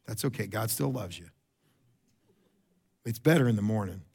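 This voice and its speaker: A middle-aged man, preaching a sermon in a conversational style. He repeats words, makes quick asides to the congregation, and gets louder and higher to stress a point. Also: animated, vocal fry, breathy edge. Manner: rises in pitch and volume for emphasis. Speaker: pastor.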